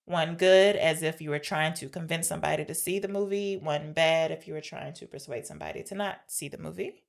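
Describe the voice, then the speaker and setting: Low-voiced woman chatting about films. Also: a little fast, vocal fry. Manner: chatty, explains the show's segments, argues playfully. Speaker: podcast co-host. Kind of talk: casual film-review chat.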